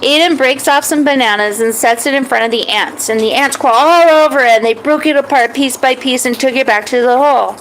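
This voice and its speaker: A woman tells a children's story in a gentle, animated way. Her voice sits high. A faint hiss runs under the recording. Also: fairly quick, hardly any pauses, poor audio.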